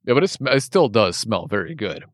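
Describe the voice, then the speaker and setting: A man co-hosting a casual whiskey tasting, relaxed and quick to laugh, thinking aloud as he describes the flavors. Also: lowish voice, no room sound, clean studio sound.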